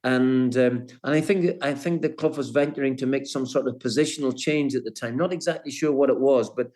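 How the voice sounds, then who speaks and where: Older male guest, halting reminiscence, plain mid voice. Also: mid-range voice. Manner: hesitant, many restarts, warm storytelling. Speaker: guest, former footballer. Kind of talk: reminiscing interview.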